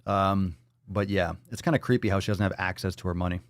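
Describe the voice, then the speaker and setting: A man's voice: low-pitched, steady tone, fast talker, no room sound. A man hosting a casual live stream, reading viewer comments and talking in a loose, profane, joking way, now and then slipping into silly voices. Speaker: livestream host reading chat. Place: Florida.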